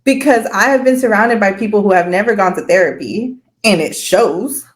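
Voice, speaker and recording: A woman's voice: mid-range voice, normal speed. A woman speaking as a podcast guest in casual chat, candid, swearing freely and laughing often.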